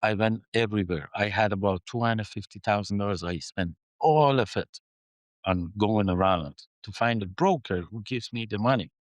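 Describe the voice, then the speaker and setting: A man with a fairly low voice tells a story to a podcast host, acting out the dialogue as he goes. His pitch swings widely as he voices each exchange. The sound is dry and close. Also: normal speed, dry recording. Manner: animated storyteller who acts out dialogue. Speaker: mining company chief executive.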